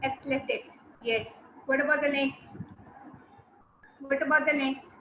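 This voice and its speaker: A high-voiced woman teacher speaks slowly and deliberately, spelling out syllables and repeating key words. She gives short, brisk commands between explanations. Her voice sits in a roomy, slightly dull recording. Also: fairly even intonation, fairly bright tone, a little hiss or hum. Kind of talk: online class lesson.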